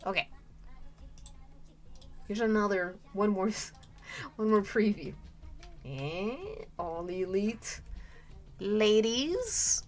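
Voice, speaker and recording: A woman streamer chatting casually with viewers while she draws, giggling often and trailing off into restarts mid-thought. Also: medium pitch. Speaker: streamer drawing live. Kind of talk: casual livestream chat while drawing. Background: faint background music.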